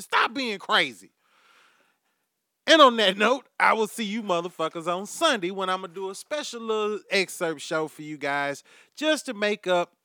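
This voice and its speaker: Animated, profane podcast host man. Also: a little high, clear, resonant tone, no echo, studio quality. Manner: profane, animated, swings loud and quiet. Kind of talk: casual comedic monologue.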